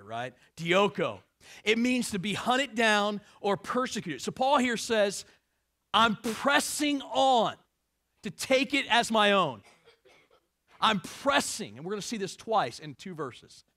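A middle-aged man preaching a sermon as pastor, swinging between hushed asides and raised, emphatic passages. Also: on the high side, animated, measured pace, dry recording, studio quality.

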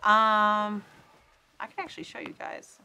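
A woman hosting a casual livestream from her bed. She switches from loud, high baby-talk with her dog to low, relaxed chat. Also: measured pace, creaky, clear, resonant tone. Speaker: streamer host. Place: bedroom, indoors. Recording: noisy home stream audio.

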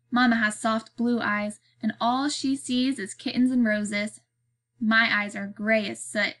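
A woman teacher reading a novel aloud in a plain, steady storytelling manner, then giving a class assignment. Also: a little high.

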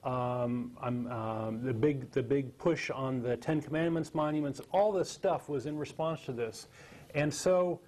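A man's voice: mid-range voice, steady tone, a little slow, a little mellow. A man co-hosting a studio panel discussion on a cable TV show, chatty and repeating words as he talks. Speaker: TV show co-host.

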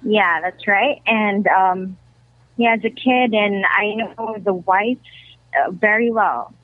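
A woman in her twenties calling in to a radio advice show, hesitant and soft-spoken. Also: mid-range voice, slow pace, no room sound. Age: 20s. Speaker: caller. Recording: muffled phone call.

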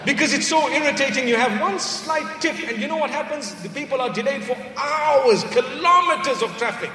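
A high-pitched man delivers a sermon from some distance away in a large, echoey hall, with faint ambience behind him. He tells his story in a lively storytelling way, sinking his voice low for asides. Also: moderate pace, a little hiss or hum. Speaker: preacher. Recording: echoey hall recorded from far off.

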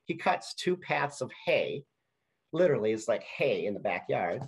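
A man's voice: mid-range voice, big pitch swings, moderate pace, gravelly, slightly rough, low-quality recording. A middle-aged man giving a conversational storytelling talk, with frequent restarts. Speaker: speaker at a university talk.

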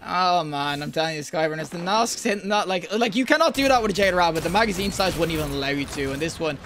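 A young man with a high-pitched voice gives live gameplay commentary. He is excitable and slangy, talking straight to his viewers and breaking into yells and laughs, with faint room sound behind him. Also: fast talker, slight background noise. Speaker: gaming video creator.

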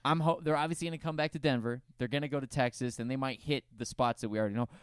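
Man, podcast co-host, casual chat, clear smooth voice, dry close sound. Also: mid-range voice, steady tone, racing, no room sound. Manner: upbeat, jokey, asks questions.

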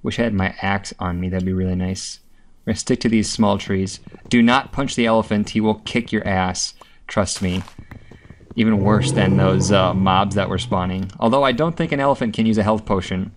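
A man with a fairly low voice talks casually through his gameplay. He rambles from one task to the next, with filler ums and a loose, profane tongue. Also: normal speed, slight background noise. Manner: chatty, rambling, with frequent swearing and filler ums. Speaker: gameplay video host.

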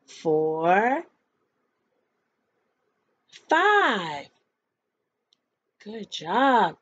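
Slow sing-song preschool teacher woman. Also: on the high side. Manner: sing-song call-and-response prompting; slow, drawn-out counting. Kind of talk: remote lesson for young children. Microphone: laptop webcam. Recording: dull lo-fi webcam audio.

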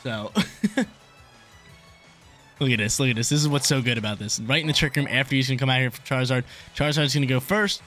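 Young man, rapid game commentary, casual slang, repeats himself, faint music behind. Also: mid-range voice, a bit bright. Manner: thinks aloud, repeats phrases, casual slang. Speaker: gaming YouTuber.

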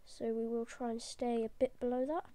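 A woman giving chatty, jokey let's play commentary, easily excited. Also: on the high side, normal speed. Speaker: gamer.

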